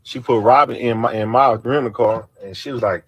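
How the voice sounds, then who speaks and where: A man's voice: mid-range voice, fast, reverberant. Man retelling a story, distant mic. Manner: retells events, acting out quoted dialogue. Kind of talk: casual storytelling. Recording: distant mic with faint background noise.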